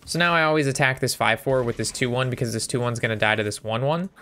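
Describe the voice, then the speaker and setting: A man's voice: medium pitch, fast, bright, forceful tone, a little hiss or hum. Man casually thinking aloud over a card game. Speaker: game streamer. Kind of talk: casual gameplay commentary.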